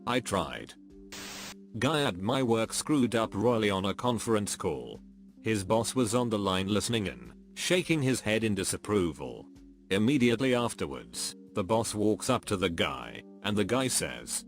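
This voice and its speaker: Male narrator, lowish voice with lively pitch, reading short stories over faint music. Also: unhurried. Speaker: narrator reading Reddit posts. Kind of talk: scripted narration.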